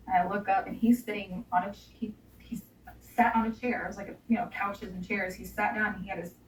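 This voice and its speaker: A woman's voice: medium pitch, far from the mic. A young adult woman giving a candid, emotional personal testimony in an interview, with casual slang. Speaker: interview guest. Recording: roomy sound, voice off-mic.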